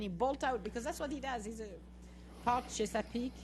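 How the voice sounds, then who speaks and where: A woman's voice: fairly high pitch, fairly quick, crowd noise, rough recording. A middle-aged woman hosting a podcast, telling a funny story in a casual chat and acting out what she said, often laughing. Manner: animated, laughing, acts out her own lines to the dogs. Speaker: podcast host.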